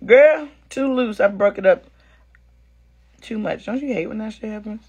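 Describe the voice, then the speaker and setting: Speaking at normal speed in a medium-pitched, slightly rough voice, a woman chats to camera at home about a dating episode. She gets animated playing both parties, talks straight to her viewers, and leans on slang like "girl" and "sis."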